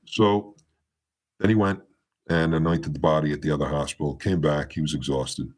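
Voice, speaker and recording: Very deep-voiced man telling a story. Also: fairly even intonation, moderate pace. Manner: meandering retelling with many restarts, acting out quoted dialogue. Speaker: podcast guest. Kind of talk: storytelling in a casual interview.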